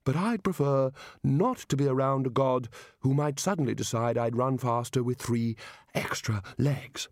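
Brief: man doing a wry, finicky elderly wizard, unhurried. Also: mid-range voice, a little mellow, no echo, clean studio sound, lightly acted. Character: fussy older male wizard professor.

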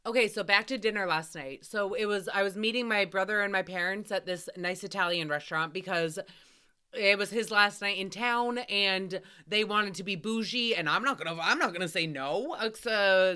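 A young woman hosting a podcast, telling stories in a casual, animated way, swearing freely and acting out what people said with loud outbursts. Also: mid-range voice, moderate pace, clear, resonant tone. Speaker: podcast host. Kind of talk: casual storytelling recap.

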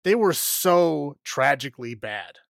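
Man, podcast co-host, rambling and exasperated, fairly high pitch. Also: sing-song, slow, creaky, no echo. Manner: rambling, exasperated, many fillers and restarts. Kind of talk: casual film review chat.

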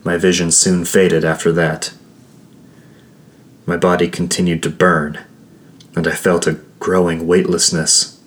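A man with a deep, low voice reads a first-person adventure story aloud. He keeps an unhurried, measured storytelling pace throughout. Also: little pitch movement. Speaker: narrator.

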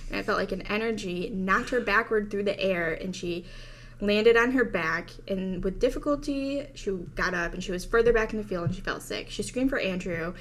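A woman's voice: mid-range voice, moderate pace, slight background noise. A woman podcast host casually retelling an alien encounter story, quoting voices and breaking into laughs.

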